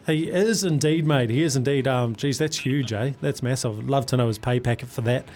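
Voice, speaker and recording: A man's voice: medium pitch, a little fast, darkish tone. A man hosting a radio sports quiz, upbeat and matey with plenty of slang. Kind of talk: casual radio banter. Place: radio studio.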